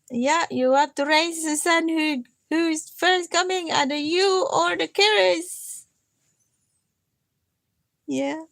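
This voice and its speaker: Tired high-voiced woman, slow and coaxing. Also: no room sound. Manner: gentle, coaxing, repeatedly addressing a listener by name; chatty and self-mocking, with frequent laughs. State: tired from lack of sleep. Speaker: livestreamer. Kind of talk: casual live-stream chat.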